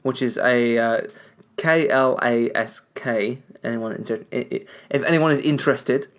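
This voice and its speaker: A man co-hosting a podcast after a few drinks, his words a touch slurred. He rambles loosely and chattily in an ordinary middle-pitched voice. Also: moderate pace. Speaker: podcast co-host. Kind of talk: casual podcast chat.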